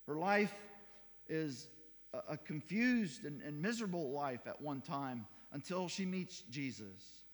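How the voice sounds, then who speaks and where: A man's voice: fairly high pitch, animated, measured pace, long reverb tail. A male pastor preaching a sermon in a church, emphatic and repetitive with stumbling restarts.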